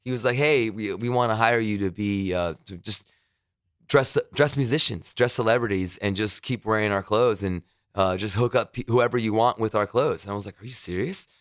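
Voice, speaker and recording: A New Jersey radio host, appearing as a podcast guest from his broadcast studio, tells loose stories from his career in a casual chat, swearing freely and quoting people he met. His voice is fairly low and smooth with a fairly bright tone, at normal speed, and the recording is studio quality with no room sound.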